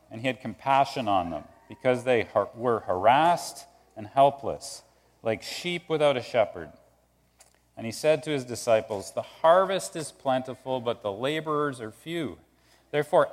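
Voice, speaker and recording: A male pastor preaching in a loose, conversational style, his voice carrying a long reverb from a large hall. He keeps things animated and slips into little acted voices for the people he quotes. His pitch sits in an ordinary middle range for a man. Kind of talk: sermon.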